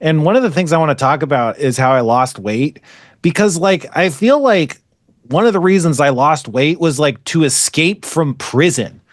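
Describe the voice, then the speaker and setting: A man's voice: a little high, lively intonation, moderate pace, dry recording, clean studio sound. A man co-hosting a podcast, a comedian talking frankly and swearing freely in casual chat. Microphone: podcast microphone.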